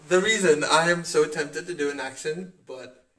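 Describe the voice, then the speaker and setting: A man from India chatting casually on a podcast, laid-back and hesitant, with loud bursts of disbelief. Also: on the high side, moderate pace, recorded from a distance. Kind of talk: casual chat. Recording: echoey room, off mic.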